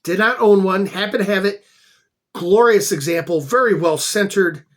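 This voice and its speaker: In a casual show-and-tell vlog, a man with a high, slightly bright voice shows off his flea market finds at normal speed. He's an enthusiastic, chatty storyteller who repeats words for emphasis.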